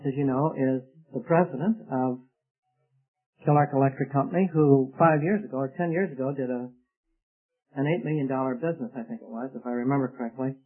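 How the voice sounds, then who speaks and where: A man's voice: mid-range voice, phone-quality sound. A man preaching an earnest, explanatory sermon, recorded on an old tape. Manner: earnest, explanatory, with rhetorical questions.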